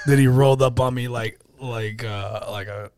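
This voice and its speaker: A man's voice: medium pitch, fairly even intonation, moderate pace, a little mellow, dry recording, clean studio sound. A man co-hosting a podcast, telling a story in casual chat and mimicking the people in it. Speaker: podcast co-host.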